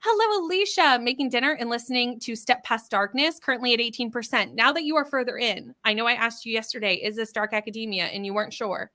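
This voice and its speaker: A woman's voice: fairly high pitch, fast talker, few pauses, bright, forceful tone. A woman with a Canadian accent hosting a live reading stream, chatting casually and greeting viewers by name as she reads their comments aloud. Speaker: livestream host.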